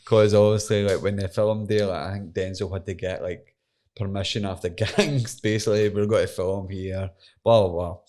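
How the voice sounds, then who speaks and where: A man's voice: sits low, steady tone, moderate pace, warm tone. A young Scottish man, an MMA fighter, telling a story in casual, sweary conversation and laughing as he goes. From Scotland.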